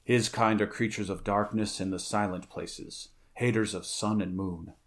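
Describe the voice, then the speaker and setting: A man's voice: lowish voice, steady tone, normal speed, lightly acted. A man voicing a weary, blunt barbarian warrior in a read-aloud story, grunting his lines. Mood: gruff.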